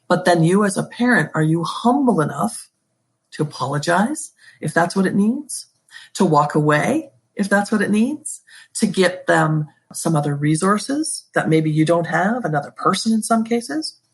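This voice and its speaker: A woman with a fairly low, husky voice speaks as a podcast interview guest, an educator and school leader. She talks at normal speed, expressive, emphatic and passionate, returning again and again to pet phrases.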